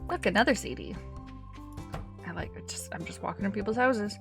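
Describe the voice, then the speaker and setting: A woman's voice: medium pitch, expressive, brisk, creaky, soft background music. A woman giving casual, chatty commentary while live-streaming a game, thinking aloud as she plays.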